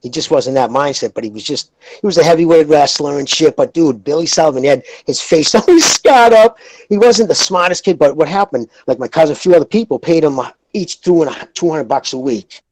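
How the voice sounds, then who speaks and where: A man, hosting a podcast and telling rambling, profane stories in a casual, animated way. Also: a little high, a little fast, dry recording, poor audio. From Lowell, Massachusetts. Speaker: podcast host. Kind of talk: casual chat, storytelling.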